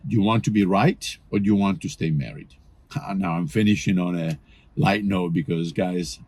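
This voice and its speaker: A man's voice: on the low side, husky. A man giving a conversational sermon about relationships, quoting example phrases as he goes. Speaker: preacher.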